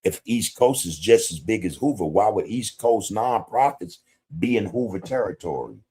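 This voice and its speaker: A man's voice: lowish voice, expressive, normal speed, warm tone. A man hosting a podcast livestream, talking bluntly in street slang with plenty of profanity and greeting viewers in the chat. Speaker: podcast host. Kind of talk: casual livestream commentary.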